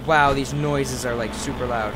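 A young male gamer with a medium-pitched voice does let's play commentary at a moderate pace. He frantically repeats "no" over and over and lets out sudden yelps, with loud, steady background noise in the recording.

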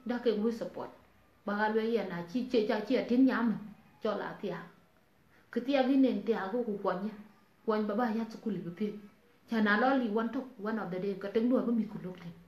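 South Sudanese woman, earnest live-stream pleading, roomy lo-fi sound. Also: medium pitch. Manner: earnest, pleading, mixing languages. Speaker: online talk host. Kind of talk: casual live-stream talk.

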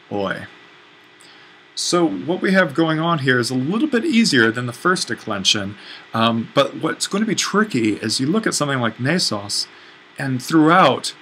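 A man gives a recorded lecture in a bright, forward voice. He explains patiently and thinks aloud, pausing on fillers and fixing his own slips. A faint hiss sits under the recording. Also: medium pitch, rough recording. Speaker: teacher.

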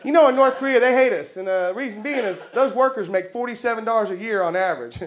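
A man's voice: sits high, fast talker, a faint crowd. A Texan man doing a stand-up set in a comedy club, drawling and laughing through his own jokes. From Texas. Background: audience laughter.

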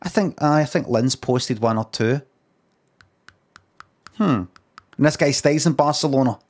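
A man's voice: medium pitch, unhurried, a little mellow. A Scottish man with a Glaswegian accent, telling a rambling, dry story in casual live-stream chat. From Scotland. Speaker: livestreamer.

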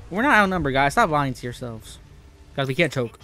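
Excitable young man gaming. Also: medium pitch, fairly quick, slight background noise. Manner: excitable, trash-talking, yelps and pleads at teammates. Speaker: gamer streaming gameplay. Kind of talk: live gameplay commentary.

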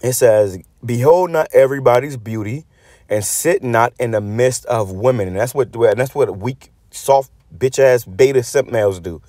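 A man's voice: mid-range voice, moderate pace, dark tone, no room sound, clean studio sound. A man preaching bluntly and profanely, reading scripture aloud and then commenting on it, often repeating words as he restarts. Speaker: religious channel host. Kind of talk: preaching rant.

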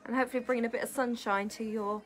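A woman's voice: on the high side, fairly even intonation, very fast. A woman, a dance teacher, chatting casually outdoors on a live stream and laughing often.

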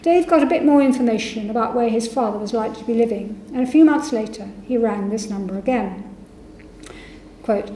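In an echoey lecture hall with slight background noise, a woman delivers a public university lecture. Her voice is on the high side and warm, and she talks a little fast, reading testimonies and voicing the quoted speakers.

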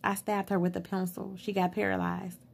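A woman's voice: medium pitch, flat delivery, normal speed, gravelly. A woman reading the part of a guarded, angry teenage girl who gives short, clipped answers. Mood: terse.

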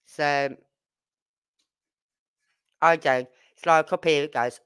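A middle-aged livestream host from Birmingham, England, talks casually to her audience, rambling with fillers and asides in her Birmingham accent. Her low voice holds a steady tone and a measured pace, pausing often, and it sounds fairly bright and clean.

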